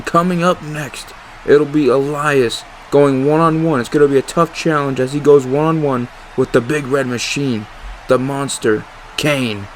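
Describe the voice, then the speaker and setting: Excitable man calling wrestling play-by-play. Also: medium pitch, a little hiss or hum, poor audio. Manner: excitable, emphatic, casual swearing. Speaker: commentator. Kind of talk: fan play-by-play wrestling commentary.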